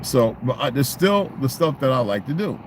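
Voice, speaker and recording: A middle-aged man in a casual, profane rant, swinging into loud, mocking quotes of other people. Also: mid-range voice, very animated, moderate pace, a little hiss or hum. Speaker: vlogger.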